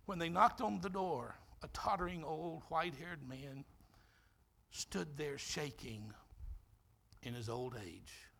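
A male pastor preaches with dramatic emphasis, moving between loud and soft passages. His voice is gravelly and husky, and it sits a little high for a man. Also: slow. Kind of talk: sermon storytelling.

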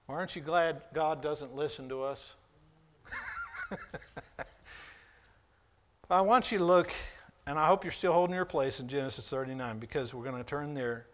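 A man preaching a sermon, reading scripture with deliberate weight and rising to loud, high emphasis before dropping soft again. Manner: preaches slowly, swelling loud and high when voicing God's rebuke, then dropping soft; reads scripture in King James wording with deliberate weight.

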